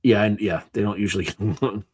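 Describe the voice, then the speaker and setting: A man's voice: lowish voice, quick pace, breathy edge. A man hosting a live stream, tired and yawning, reading through a list in a casual, offhand way with sarcastic asides. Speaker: livestream host.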